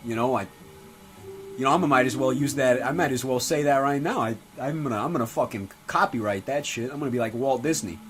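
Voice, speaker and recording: A man playing a gruff, foul-mouthed, middle-aged mob-style father in a comedy sketch. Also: medium pitch, a little fast, natural voice, low-quality recording. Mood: fatherly lecture. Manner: swaggering, profane, tough-guy drawl. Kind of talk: comedy sketch character acting. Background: music playing.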